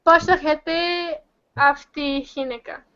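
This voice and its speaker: A woman's voice: high voice, fairly even intonation, a little slow, fairly bright tone. A woman in a study group, chatting casually and asking curious questions. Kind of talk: casual chat. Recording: dull lo-fi audio.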